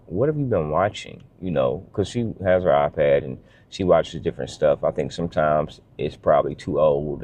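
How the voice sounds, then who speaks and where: Deep-voiced, earnest, emotional father. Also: a little mellow. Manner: earnest, heartfelt storytelling with restarts. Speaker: father sharing a family story. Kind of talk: casual vlog monologue.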